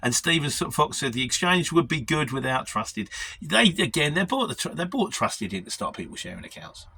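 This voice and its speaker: A man's voice: fairly high pitch, big pitch swings, a little fast, creaky, pushed and bright, slightly rough, no echo. A middle-aged man with a London Mockney accent, chatting casually and self-deprecatingly as he answers viewer questions on his vlog. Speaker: lorry driver vlogger.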